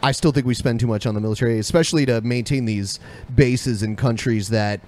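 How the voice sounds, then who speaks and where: A man's voice: mid-range voice, brisk, a little mellow. A man co-hosting a podcast in casual, crude, jokey chat, reading out viewer comments. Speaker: podcast co-host.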